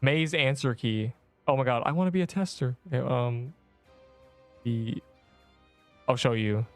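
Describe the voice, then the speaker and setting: A hoarse young man casually chatting and joking while live-streaming a game. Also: medium pitch, faint music behind. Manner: joking, chatty, quick to laugh.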